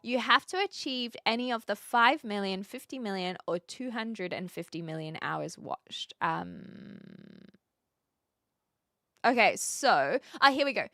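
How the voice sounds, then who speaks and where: A woman's voice: medium pitch, animated, sharp tone, no room sound, clean studio sound. Chatty New Zealand woman streamer. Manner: chatty, reads chat aloud, frequent fillers and quick laughs. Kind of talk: casual live-stream chat.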